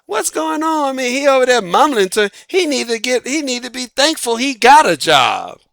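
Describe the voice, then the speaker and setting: A man's voice: very high-pitched, big pitch swings, moderate pace, gravelly, a bit bright, no echo, clean studio sound, pitched above the performer's own voice, heavily acted. A man mimicking women in a queue, gossiping in disbelief about an old man. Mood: incredulous. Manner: incredulous, gossiping. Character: gossiping women waiting in line.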